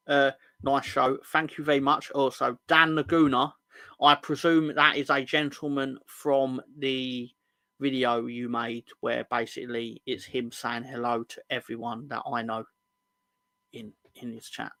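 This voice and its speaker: A man's voice: medium pitch, little pitch movement, a little slow, pushed and bright, no room sound. A man co-hosting a football podcast, casually reading out viewer comments in a rambling, joking way, swearing and correcting himself as he goes.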